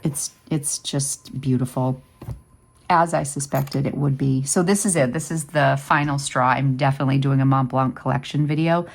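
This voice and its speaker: A woman's voice: rumbling low, fairly even intonation, a little fast, creaky, hardly any pauses, a little hiss or hum. A woman in her fifties hosting a vlog, chatting casually and rambling with lots of fillers. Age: 50s. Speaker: vlog host. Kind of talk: casual chat.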